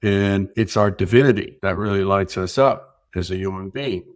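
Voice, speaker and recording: A man as a podcast guest, telling stories in an earnest, reflective way and rising in pitch and loudness when he makes a point. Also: moderate pace. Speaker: podcast guest, keynote speaker. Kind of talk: reflective conversational storytelling.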